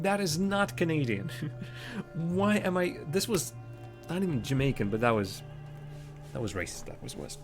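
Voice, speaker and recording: A man's voice: a little high, big pitch swings, moderate pace, soft background music. A man streaming a game live, chatting casually, laughing often and poking fun at himself. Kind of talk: casual live gameplay commentary.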